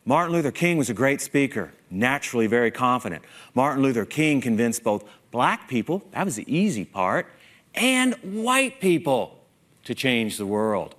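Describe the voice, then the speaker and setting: A man giving a conference keynote talk, self-mocking and lively, putting many questions to the audience. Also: medium pitch, moderate pace. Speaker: keynote speaker.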